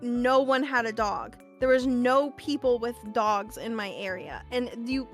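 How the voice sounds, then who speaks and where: A woman's voice: on the high side, measured pace, soft background music. A young woman streaming, telling stories in a casual chat full of fillers and swearing. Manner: animated storytelling, lots of fillers and swearing.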